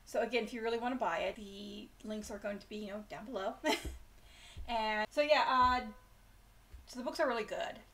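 A woman's voice: medium pitch, moderate pace, fairly bright tone. A woman hosting a bedtime story channel, chatting casually and self-deprecatingly before reading a chapter aloud. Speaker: storyteller host.

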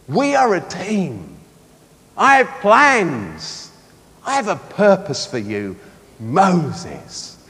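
A man preaching and acting out God calling Moses, first frantic, then soft and hushed. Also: on the high side, long reverb tail, pitched below the performer's own voice, heavily acted. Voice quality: hushed, intimate.

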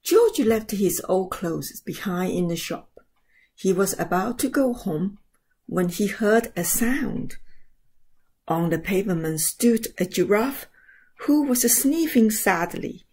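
Brief: story time reader, woman, unhurried and soft, warm breathy tone. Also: mid-range voice. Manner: slow, soft, expressive reading. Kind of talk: picture book read-aloud.

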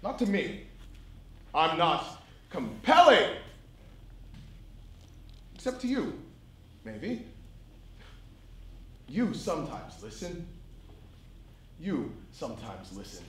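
A wheedling, evasive moderator, with a high, lively voice and an unhurried delivery. He is heard in a roomy theatre with faint background noise. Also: heavily acted. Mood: coaxing. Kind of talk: live stage play. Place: theatre stage.

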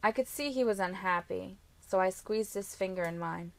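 A woman narrating a novel in the first person, reading with steady, even storytelling. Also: mid-range voice, moderate pace, vocal fry. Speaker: audiobook narrator.

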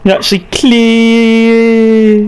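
A woman's voice: on the high side, monotone, very slow, darkish tone, slight background noise. A woman in casual gaming chat with friends, giggly and teasing, swearing often. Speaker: gamer.

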